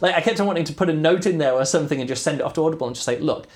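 A man's voice: fairly high pitch, very fast. A man hosting a casual book podcast, talking in a rambling way with frequent restarts and trailing sentences. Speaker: podcast host reviewing books. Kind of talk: casual chat.

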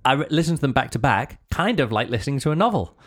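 A man's voice: mid-range voice, sing-song, fast talker, fairly bright tone. Rambling male podcast host. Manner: rambling, full of fillers and restarts. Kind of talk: casual book review chat.

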